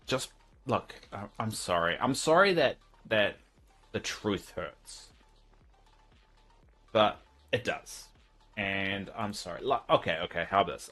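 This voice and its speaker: A man's voice: lowish voice, expressive, moderate pace, sharp tone, slightly rough, faint music behind. A man with a New Zealand accent, casually chatting and teasing viewers while streaming a game. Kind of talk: casual live-stream chat while gaming.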